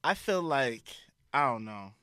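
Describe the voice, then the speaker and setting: A man's voice: mid-range voice, lively intonation, unhurried, pushed and bright, no room sound, clean studio sound. A man co-hosting a podcast in casual chat, laid-back and slangy, retelling stories. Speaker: podcast co-host.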